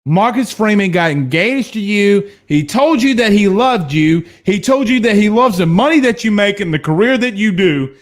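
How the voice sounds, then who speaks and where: A man in his thirties from Louisiana hosting a casual sports stream, reading viewer comments and telling stories in a blunt, animated way. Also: high-pitched, normal speed, hardly any pauses. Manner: animated storyteller, hums drum beats, blunt. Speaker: sports show host.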